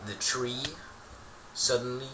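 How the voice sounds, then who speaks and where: A man's voice: mid-range voice, fairly even intonation, slow, pushed and bright, slight background noise. A man telling an improvised story in a playful, rambling way, often correcting himself mid-sentence. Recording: roomy echo, distant mic.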